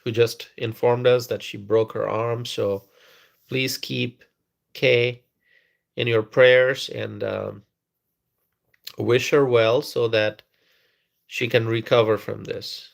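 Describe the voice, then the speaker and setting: A man hosting a live stream, chatting with viewers and talking softly and slowly to rest his tired voice. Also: medium pitch, steady tone, gravelly.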